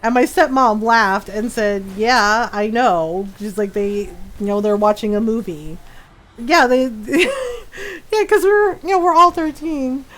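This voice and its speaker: A woman's voice: a little high, slow pace, a bit bright, low-quality recording. A woman streamer chatting casually while she plays, telling a story from her school days, laughing often and acting out the people she quotes.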